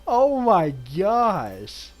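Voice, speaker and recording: Guy streaming a game, talks slow, kinda high voice, reads stuff out then gets all hyped. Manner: reads game text aloud and reacts with sudden excited outbursts. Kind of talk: casual gameplay commentary.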